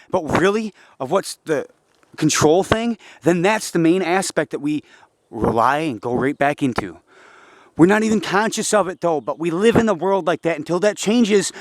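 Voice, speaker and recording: A young man rambles in an agitated, profane monologue, preaching at his listeners one moment and muttering in low frustration the next. His voice sits fairly high for a man. The sound is dry and close, with no room around it. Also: no echo. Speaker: vlogger.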